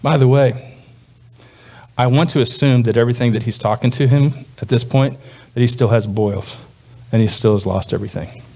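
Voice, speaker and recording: A man preaching a sermon as a pastor, talking in a loose, conversational way and putting on quick voices for the people he quotes. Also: creaky, darkish tone. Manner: conversational, voices quoted speakers with jumps in pitch.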